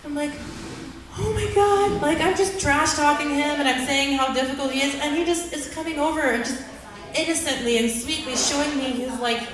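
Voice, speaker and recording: A woman's voice: high-pitched, fairly even intonation, a little fast. Chatty woman comic in an echoey room. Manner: chatty, filler-heavy, self-mocking, bursts into loud quoted outbursts. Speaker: stand-up comic. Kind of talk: stand-up storytelling. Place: open mic venue. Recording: echoey room, mic heard from far off.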